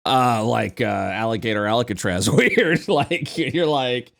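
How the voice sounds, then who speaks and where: A man's voice: medium pitch, lively intonation, takes it slowly, vocal fry. A man co-hosting a podcast in casual chat, rambling and swearing, with frequent stammering restarts. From Florida, US. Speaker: podcast co-host.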